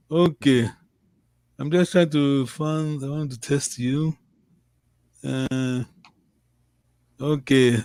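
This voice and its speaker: A man teaching a language lesson, giving slow, patient and encouraging drills. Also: on the high side, clean tone, no echo.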